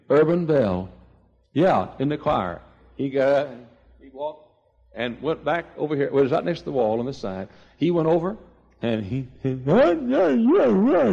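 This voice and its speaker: An older man preaching a sermon, telling stories with emphatic swings between loud and hushed delivery. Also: medium pitch, gravelly, slightly rough, muffled recording. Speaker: pastor.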